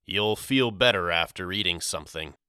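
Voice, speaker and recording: A man's voice: sits low, moderate pace, pushed and bright, smooth, no room sound, clean studio sound. A man voicing a middle-aged father who stammers and mutters evasively in a storybook reading. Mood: awkward.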